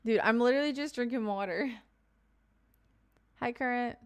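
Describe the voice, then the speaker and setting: A woman from Kentucky chats with her stream viewers, greeting them and answering their questions with easy fillers and quick asides. Her voice sits a touch high, smooth and clear, with a loose, unhurried flow. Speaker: live streamer. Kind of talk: casual chat reading viewer comments.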